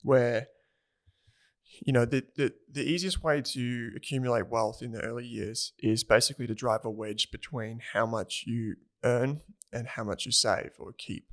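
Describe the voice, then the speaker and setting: A man's voice: medium pitch, fairly even intonation, moderate pace, a bit bright. A man, co-hosting a personal finance podcast in a rambling, chatty way and laughing easily. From Australia. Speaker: podcast co-host. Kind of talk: casual chat.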